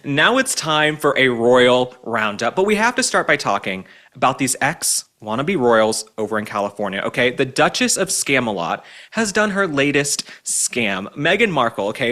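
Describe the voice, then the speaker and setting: A man's voice: medium pitch, bright, forceful tone. A man hosting a show, ranting in sarcastic, mocking political commentary. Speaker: host.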